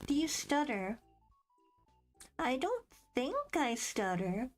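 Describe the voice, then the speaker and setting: A woman's voice: high-pitched, sing-song, takes it slowly. A young woman streaming, chatting casually and rambling as she reads quiz questions aloud with a bubbly, self-deprecating manner. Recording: faint background music.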